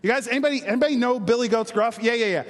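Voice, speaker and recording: A man's voice: very high voice, rapid-fire, long reverb tail. A male pastor preaching a sermon in a conversational, joking way, asking the congregation questions.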